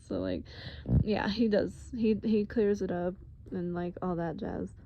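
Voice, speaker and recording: A woman narrates casually and with animation, peppering her speech with filler words. Her delivery is unhurried despite the energy. The audio is dull and lo-fi. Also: medium pitch, slight background noise. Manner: chatty, lots of 'like' fillers, animated. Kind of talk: casual storytelling. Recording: dull lo-fi recording.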